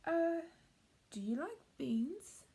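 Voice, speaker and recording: A woman's voice: very high-pitched, sing-song, very slow, mellow, voice pushed up, heavily acted. A woman voicing a scruffy, cheeky young boy in a children's story. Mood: boyish.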